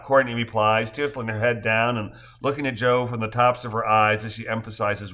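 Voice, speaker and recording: A man narrating a novel in an expressive, storytelling way. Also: medium pitch, normal speed, hardly any pauses. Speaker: audiobook narrator. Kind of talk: scripted narration.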